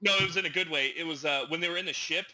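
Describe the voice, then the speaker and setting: A man co-hosting a casual podcast, animated and acting out quotes as he tells stories. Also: on the high side, rapid-fire, a loud crowd, low-quality recording. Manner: animated, acts out quotes in his storytelling. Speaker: podcast co-host. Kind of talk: casual chat.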